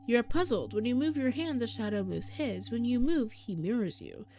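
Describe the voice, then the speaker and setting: A woman streamer reading game text aloud and reacting, animated and quick to laugh. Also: on the high side, slight background noise. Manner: animated, breaks into laughter and squeals.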